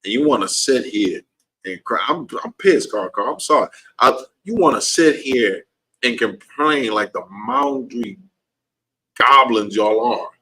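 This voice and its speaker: A man's voice: mid-range voice, expressive, measured pace, sharp tone, husky, low-quality recording. A man teaching a class in an impassioned preaching style, heated and repetitive, his voice leaping upward when he gets worked up.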